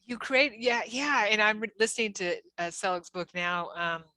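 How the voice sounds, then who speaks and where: Bright-voiced woman hosting a chat. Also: mid-range voice, moderate pace, no echo. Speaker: podcast host. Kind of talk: casual interview chat.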